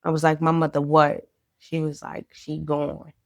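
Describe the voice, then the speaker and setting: A woman with a low, gravelly edge to her voice tells her story candidly on a podcast. She speaks in an earnest, reflective way about hard personal times. The sound is close and dry. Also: monotone, a little slow, a little mellow, no echo. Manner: earnest, reflective, talks through grief and faith. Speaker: guest, clothing brand founder.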